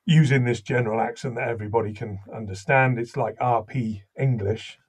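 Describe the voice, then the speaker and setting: A man with a slight Welsh lilt talks through an interview in a husky voice. He tells anecdotes in an animated way and restarts his sentences often. His voice sits at a middle pitch. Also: a little fast. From Wales. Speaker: voice actor and audiobook narrator. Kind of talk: interview conversation.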